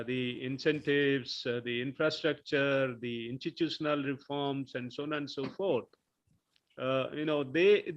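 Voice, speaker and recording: A man gives formal closing remarks as session chair, talking slowly and stopping often on filler sounds. The recording is muffled and lo-fi. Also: medium pitch. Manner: halting, full of filler sounds.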